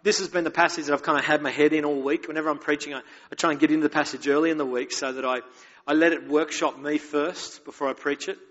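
Pastor, male, slightly higher voice, candid, chatty sermon delivery; dull recording with long hall reverb. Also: fairly even intonation, fast, fairly bright tone. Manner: candid, conversational, self-mocking storytelling.

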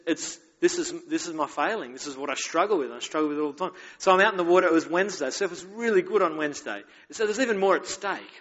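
A man's voice: high-pitched, fairly bright tone. A man preaching a sermon as pastor, candid and conversational, telling stories with self-mocking humor. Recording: dull echoey hall recording.

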